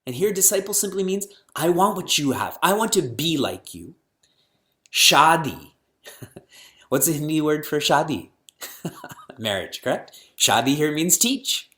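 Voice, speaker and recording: A middle-aged man who teaches spirituality lectures an audience on scripture, firing rhetorical questions and chanting verses slowly. His voice is on the high side, pushed and bright, with big pitch swings.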